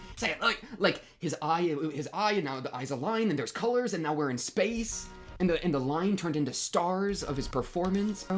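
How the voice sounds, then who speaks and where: A young man hosting an anime reaction, talking in casual, gushing commentary and throwing in "bro" constantly. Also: a little high. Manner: excitable, gushing, peppers speech with "bro".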